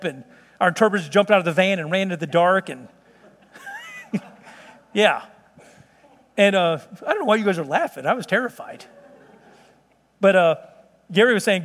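A man giving an animated sermon testimony, telling a story with laughs and exclamations. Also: high voice, moderate pace, long pauses. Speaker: preacher. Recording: hall reverb.

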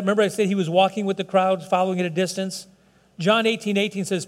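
Preacher guy, high voice, chatty sermon w/ questions to the crowd, long church echo. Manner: conversational preaching, asks the congregation questions. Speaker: pastor. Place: church, broadcast service.

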